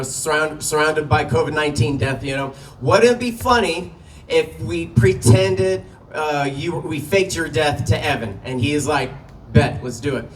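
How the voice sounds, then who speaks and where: A man's voice: a little high, a bit bright, far from the mic, slight background noise, low-quality recording. A man doing a stand-up comedy set, telling a story in a loose, profane way and laughing at his own jokes. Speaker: stand-up comic. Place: small comedy venue.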